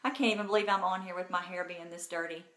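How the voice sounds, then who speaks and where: A woman's voice: fairly low pitch, fairly even intonation, fast talker, fairly bright tone, reverberant. A woman hosting a casual live makeup tutorial from home, chatty and bubbly, talking to viewers by name. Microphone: phone.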